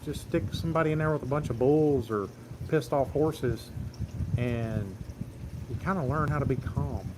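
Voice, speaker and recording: A man's voice: mid-range voice, normal speed, background noise. A man, telling a rambling, plain-spoken farm story on a phone livestream. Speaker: farm vlogger. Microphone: phone camera.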